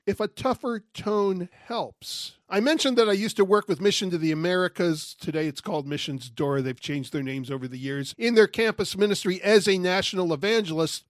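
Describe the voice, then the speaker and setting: High-voiced man teaching a Bible study. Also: no room sound, studio quality. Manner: emphatic storyteller who acts out dialogue.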